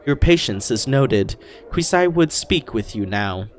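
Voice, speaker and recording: Brief: a man reading out a slow, ponderous stone-statue man from a game, mid-pitched, third-person speech. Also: expressive, slight background noise, lightly acted. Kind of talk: reading game dialogue aloud.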